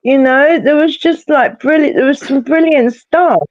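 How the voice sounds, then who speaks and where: A host in a casual chat over a video call, telling stories in a chatty, drawn-out way. The sound is dry and dull, with a muffled, lo-fi quality. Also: high-pitched, no echo.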